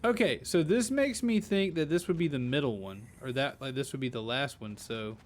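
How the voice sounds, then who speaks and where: A man's voice: mid-range voice, lively intonation, normal speed, slight background noise. A man giving casual live-stream commentary while playing a game, playful and rambling, full of jokes. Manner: playful, joking, rambling asides.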